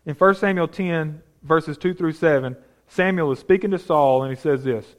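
A man's voice: fairly high pitch, normal speed, hardly any pauses. A man preaching a sermon, reading scripture aloud and talking it through in a conversational way with emphatic rhetorical questions.

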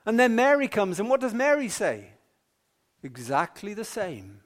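A man preaching an evening sermon in a measured, emphatic way with long pauses. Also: sits high, huge pitch swings.

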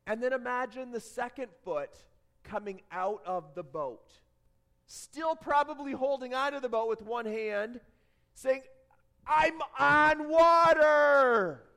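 A man preaching a sermon, telling a story dramatically, dropping to a hush and rising to shouts. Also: extremely high pitch, measured pace. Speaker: pastor.

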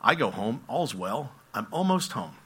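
A male pastor preaching a sermon, telling stories and acting out voices, swinging between loud and hushed. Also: mid-range voice, unhurried, husky. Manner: storytelling, animated, acts out voices, swings loud and soft.

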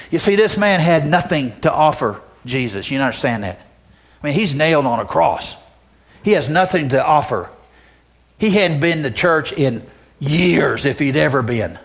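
A male pastor preaching a sermon, emphatic and repetitive, often asking the audience rhetorical questions. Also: a little high.

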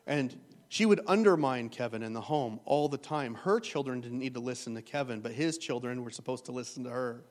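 A man's voice: mid-range voice, a little fast, few pauses, a little mellow. A man preaching a sermon as pastor, retelling a story in an earnest, emotional way.

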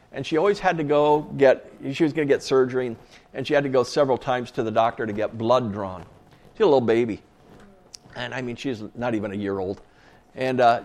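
A man's voice: mid-range voice, a little mellow. A man preaching a sermon as pastor, earnest and conversational, with casual asides to the congregation.

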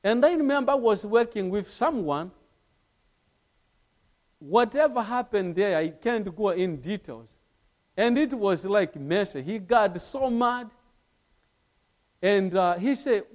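High-voiced man preaching slowly. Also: lively intonation. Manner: earnest, repetitive preaching with anecdotes. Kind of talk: sermon.

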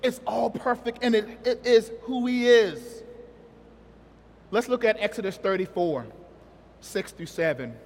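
A man's voice: high-pitched, a little slow, long pauses, a little mellow, long reverb tail. A man preaching a sermon in a conversational, joking way, asking the congregation questions.

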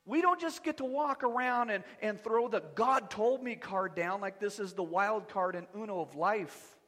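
A man preaching a sermon as pastor, animated and conversational with touches of humor. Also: sits high, normal speed, long reverb tail. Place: church sanctuary.

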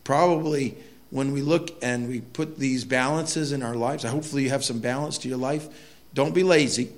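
A man's voice: mid-range voice, steady tone, moderate pace. A middle-aged man preaching a sermon in a conversational way, telling folksy stories with asides to the congregation. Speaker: pastor.

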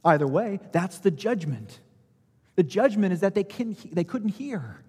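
A pastor with a slightly high, husky voice preaches an expository sermon in a conversational way. He builds his points with everyday analogies and rises in force to stress them. His voice rings out with the long reverb of a large hall. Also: sing-song, a little slow, warm tone. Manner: conversational, explains by analogy, swells in emphasis.

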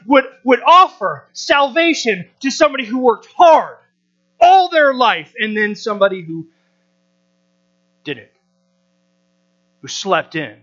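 A man's voice: very high-pitched, sing-song, slow pace, pauses often, a bit bright. An American man preaching a sermon to a live audience, emphatic and full of rhetorical questions, on a dull lo-fi recording with mains hum. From United States.

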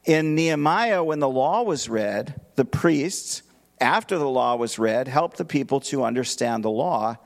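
A man's voice: mid-range voice, lively intonation, measured pace, creaky. A man preaching a verse-by-verse expository sermon as pastor, emphatic and posing rhetorical questions to his listeners.

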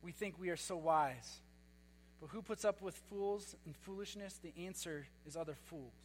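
A man preaches a sermon in a very high voice, emphatic and given to repeating himself, with dry sarcastic asides. His voice rings out with a long hall reverb in a church sanctuary. A steady mains hum runs under it. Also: moderate pace. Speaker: pastor.

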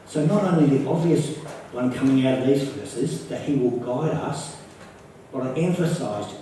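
A man's voice: mid-range voice, normal speed, mellow, a little hiss or hum. A man with an Australian accent preaching a sermon, earnest and repeating key phrases for emphasis. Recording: echoey, from far off the mic.

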